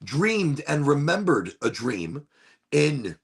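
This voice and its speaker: A man hosting a casual talk show, musing in a rambling, animated way while smoking, often repeating his phrases. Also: on the high side, takes it slowly, gravelly, breathy edge. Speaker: podcast host.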